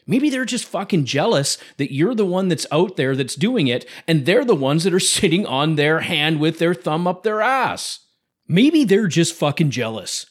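A man's voice: fairly high pitch, sing-song, moderate pace, breathy edge. A man hosting a podcast, giving a blunt motivational pep talk full of swearing. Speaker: podcast host. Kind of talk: motivational monologue.

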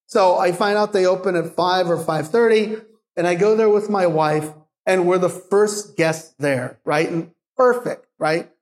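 A middle-aged man, a guest bartender, telling animated stories in a live Q&A and laughing often. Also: high-pitched, measured pace. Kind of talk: live Q&A storytelling. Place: bar venue with audience. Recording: echoey live venue.

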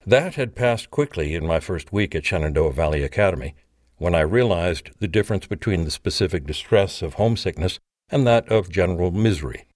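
A man with a very deep voice reads a memoir in measured, scripted narration. The sound is close and dead dry, with no room at all. His delivery stays even and unhurried. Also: dry recording. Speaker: audiobook narrator.

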